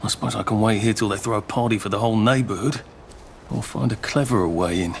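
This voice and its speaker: A gravelly, wry English gent. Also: male voice, on the low side, steady tone, fast talker. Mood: musing. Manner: dry, muttering asides to himself. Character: nervous polite young English office man. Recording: noisy game audio.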